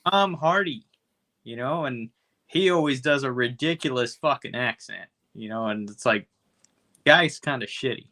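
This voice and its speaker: A man's voice: medium pitch, normal speed, sharp tone. A man co-hosting a podcast, chatting casually and rambling profanely through a movie recap. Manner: profane, rambling, acts out quoted voices. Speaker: podcast co-host.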